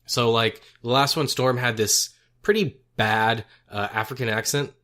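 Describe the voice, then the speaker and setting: A young man in relaxed podcast chat about a film. He talks in a rambling, self-correcting way and laughs at his own quips. His voice sits at an ordinary middle pitch. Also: measured pace. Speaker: podcast co-host. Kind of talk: casual movie review chat.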